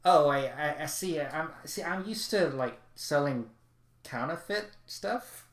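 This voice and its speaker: A man's voice: a little high, animated, slow, voice pushed up. A man voicing a small, cute male creature who is a vain, scheming salesman, talking in a boastful, wheedling way. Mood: sheepish.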